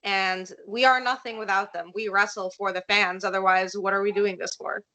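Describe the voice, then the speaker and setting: Guest spot: twenties Russian-accented woman, bright clear tone, upbeat. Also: medium pitch, fairly even intonation, moderate pace, poor audio. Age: 20s. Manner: upbeat, laughs easily, emphatic promises. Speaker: professional wrestler, guest. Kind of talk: casual interview answers.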